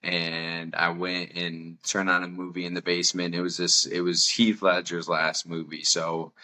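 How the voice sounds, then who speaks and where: A man's voice: low voice, monotone, normal speed, bright, forceful tone. A young adult man hosting a podcast, telling a candid personal story with a self-mocking tone and frequent laughter. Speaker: podcast host.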